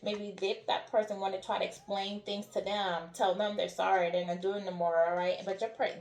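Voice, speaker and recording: A woman's voice: medium pitch, flat delivery, normal speed, darkish tone, echoey room. A woman giving a spiritual tarot reading who keeps checking in with "all right?" and "okay?". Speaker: tarot reader.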